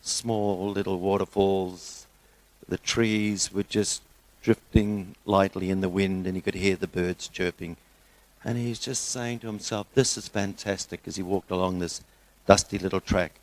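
A middle-aged man preaching a sermon, telling a joke story in a relaxed way before turning earnest. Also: low-pitched, unhurried, low-quality recording.

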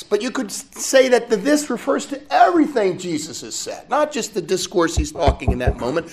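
A friar delivers a lively sermon, talking with his listeners rather than at them and throwing in quick asides. His voice sits a little on the high side for a man. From United States. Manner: animated and conversational, with asides to the listeners. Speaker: friar preaching at a religious conference.

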